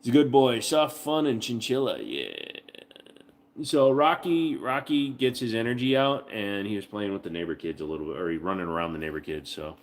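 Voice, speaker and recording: Man, casual livestream host, low voice, very animated pitch, profane jokes, coos at his dog. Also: normal speed. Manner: profane, joking, coos in sing-song baby talk to his dog.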